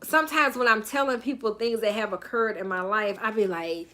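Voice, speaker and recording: A high-pitched Southern woman reads from a book on a live stream and talks with her viewers as their life coach. Her voice is bright and forceful. She chats easily, calls out viewers by name and drops in playful sing-song bits. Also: animated, moderate pace, hardly any pauses.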